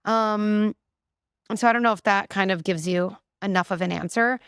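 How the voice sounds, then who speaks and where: A middle-aged woman, a clinical psychologist, talking in an animated, explanatory way as a podcast guest. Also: mid-range voice, normal speed, smooth, no room sound, clean studio sound. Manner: animated, explanatory, frequent "like" and "right?". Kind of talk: conversational interview.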